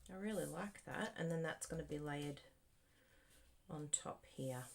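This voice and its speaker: A woman's voice: sits low, unhurried, gravelly, a little hiss or hum. A woman demonstrating card-making live, chatting and thinking aloud as she works and talking straight to her viewers. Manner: talks to viewers directly. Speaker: crafting demonstrator.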